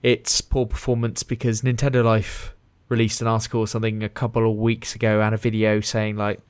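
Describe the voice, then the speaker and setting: A man's voice: on the low side, monotone, fairly quick, clear, resonant tone, dry recording. A man co-hosting a gaming podcast, chatting casually and rambling with fillers and restarts. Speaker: podcast co-host. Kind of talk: casual chat.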